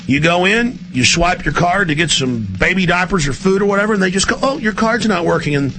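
A middle-aged man hosting a radio talk show, ranting intensely and rapidly in a conspiratorial tone. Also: high-pitched, pushed and bright, slight background noise.

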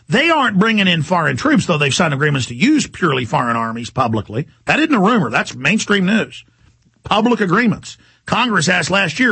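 A male talk radio host rants in an agitated, mocking way. His voice is high and bright, with a raspy, gravelly texture that stays through the whole monologue. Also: big pitch swings, normal speed. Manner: agitated, ranting, mocking quotes.

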